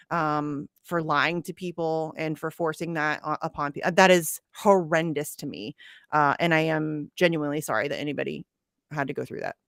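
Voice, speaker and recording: A woman's voice: low voice, a bit bright, dry recording, studio quality. A woman hosting a casual online panel talk, blunt and swearing freely. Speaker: show host.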